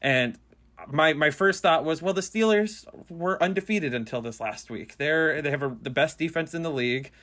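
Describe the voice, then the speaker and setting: A man's voice: a little high, moderate pace, a bit bright. A man co-hosting a sports podcast, chatting casually and teasing his co-host.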